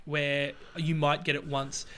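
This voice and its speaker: An Australian man co-hosting a podcast, telling stories in a lively, exasperated way with sudden outbursts. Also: a little slow. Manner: animated, exasperated storytelling with sudden high outbursts. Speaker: podcast co-host. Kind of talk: casual chat.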